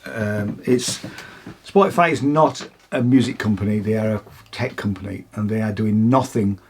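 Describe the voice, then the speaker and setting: A man's voice: lowish voice, moderate pace, a little mellow, husky. A man, co-hosting a music podcast, chatting casually and giving opinionated takes. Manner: opinionated, chatty, frequent restarts. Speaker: podcast co-host. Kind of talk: casual chat.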